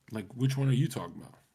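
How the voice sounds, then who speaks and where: Man, streamer, casual chat, rambling, swearing, husky voice. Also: medium pitch, expressive, brisk, warm tone. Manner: rambling, profane, with many restarts.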